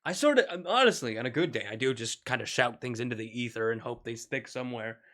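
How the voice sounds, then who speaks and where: Bright-voiced rambling male streamer. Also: mid-range voice, lively intonation, quick pace. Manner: rambling, joking, full of tangents. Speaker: gaming streamer. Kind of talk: casual gaming stream commentary.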